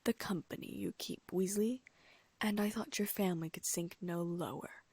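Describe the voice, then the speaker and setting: Woman doing a snooty wizard guy, all breathy whisper and sneer, gravelly low voice. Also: steady tone, normal speed, darkish tone, no room sound. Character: sneering cold aristocratic wizard man.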